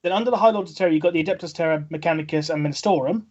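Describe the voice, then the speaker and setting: A man with a southern English accent, a podcast co-host in casual chat, explaining and listing things quickly. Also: on the high side, a little mellow, muffled recording. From England.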